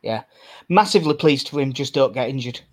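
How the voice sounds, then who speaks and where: A man's voice: mid-range voice, expressive, brisk. A man co-hosting a casual football podcast. He is chatty, laughs often and swears casually. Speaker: podcast co-host.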